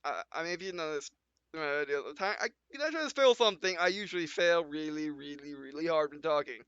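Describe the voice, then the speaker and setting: A man casually commenting on a game he is playing, rambling and correcting himself as he stumbles. His voice is high, bright and smooth. The recording is dry and slightly lo-fi. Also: expressive, fast talker, no room sound. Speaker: let's play host.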